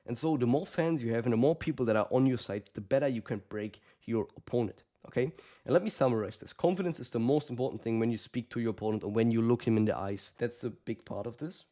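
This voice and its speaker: A man's voice: medium pitch, fast talker, warm tone. A man giving casual, blunt coaching advice to the camera, swearing often and calling the listener brother. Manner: acts out quoted lines of fighters. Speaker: combat sports coach.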